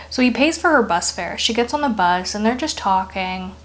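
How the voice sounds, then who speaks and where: Young woman, from Brazil, casual ghost storytelling, chatty, lots of fillers, mid-pitched voice. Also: normal speed, few pauses. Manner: chatty, filler-heavy with frequent "like", animated retelling. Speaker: storyteller, channel host.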